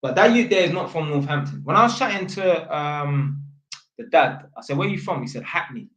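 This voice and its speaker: A man's voice: fairly high pitch, animated, moderate pace, a bit bright. A man, an electrician telling a long, slangy, rambling story for his vlog, full of fillers and restarts. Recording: roomy echo.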